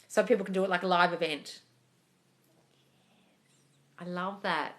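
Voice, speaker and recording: A medium-pitched, sing-song woman talks at normal speed with long pauses and a sharp tone. Reading live comments in a manifesting Q&A, the coach is frank and profane, calling everyone darling.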